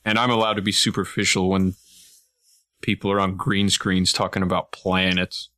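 A man hosting a casual podcast, talking in a bright, forceful voice that sits a little low. He rambles and jokes between topics, with sarcastic asides. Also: little pitch movement, moderate pace. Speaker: podcast host.

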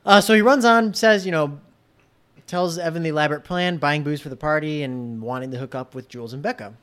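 A podcast co-host in casual chat, enthusiastic, talking in quick restarts. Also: medium pitch, fairly bright tone, clean tone. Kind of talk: casual chat about a film.

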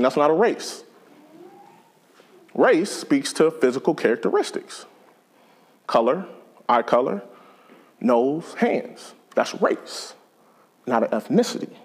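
A man's voice: on the high side, darkish tone, husky. A man preaching a sermon in a conversational, joking way to a church congregation. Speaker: pastor.

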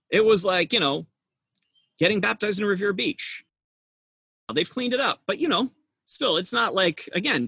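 A middle-aged male pastor preaches in a husky, somewhat high voice with a pressing, forceful edge. He tells the story with humor and keeps asking his listeners rhetorical questions. The sound is close and dry. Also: no room sound. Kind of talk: sermon.

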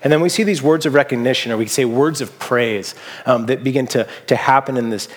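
A man's voice: medium pitch, a little fast, long reverb tail. Man, pastor, conversational sermon, anecdotal, mid-range voice. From Seattle area, US. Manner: casual, anecdotal storytelling with fillers.

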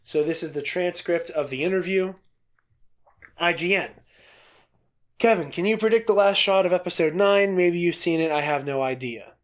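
A man co-hosting a podcast, reading a news story aloud in a casual, excitable way, laughing often and swearing casually. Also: high-pitched, moderate pace. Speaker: podcast co-host.

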